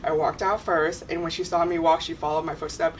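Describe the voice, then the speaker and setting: Woman, panel guest, animated storyteller; distant mic, noisy room. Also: low voice, fairly quick. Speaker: model. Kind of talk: casual panel chat.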